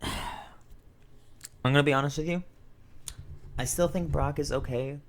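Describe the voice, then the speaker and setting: A man in his twenties with a fairly high, steady voice talks slowly and casually through a wrestling review. He rambles with plenty of fillers, swears now and then, and turns emotional and sentimental.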